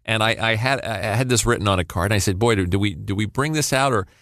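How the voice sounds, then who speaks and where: A man's voice: fairly low pitch, quick pace, a bit bright, dry recording, clean studio sound. A man co-hosting a podcast, casually introducing archive clips and chuckling along. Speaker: podcast co-host.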